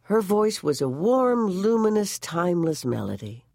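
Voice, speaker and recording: Expressive storybook narrator. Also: medium pitch, a little slow, gravelly, dry recording, studio quality. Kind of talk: story reading.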